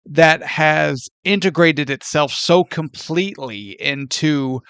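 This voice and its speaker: A man co-hosting a movie podcast, with a gravelly, slightly high voice and a dry, close sound. He talks in an animated way and laughs often as he acts out scenes. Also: slow, no echo. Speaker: podcast co-host. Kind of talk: casual movie chat.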